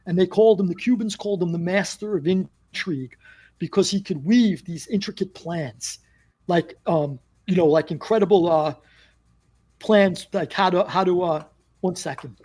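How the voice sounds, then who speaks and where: A man's voice: high voice, moderate pace, slightly rough. A man telling a long story as a podcast guest, acting out what people said. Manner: animated storyteller, acts out quotes. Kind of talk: casual storytelling.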